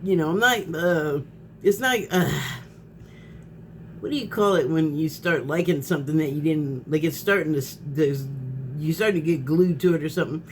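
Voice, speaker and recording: A woman's voice: sits low, normal speed, slight background noise. Heated rambling woman vlogger. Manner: rambling, heated, laughs often, restarts sentences. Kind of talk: casual spoken monologue.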